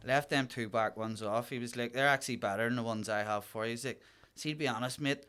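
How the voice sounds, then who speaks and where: A man's voice: medium pitch, fast, fairly bright tone, clear, resonant tone. A man chatting easily and chiming in with quips. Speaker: podcast guest. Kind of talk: casual chat.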